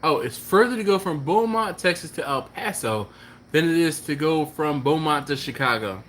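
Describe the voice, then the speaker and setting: A man hosting a barbecue channel's live stream, chatting casually and answering viewer comments in a relaxed, rambling way. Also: fairly high pitch, normal speed, a little hiss or hum. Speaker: BBQ channel host.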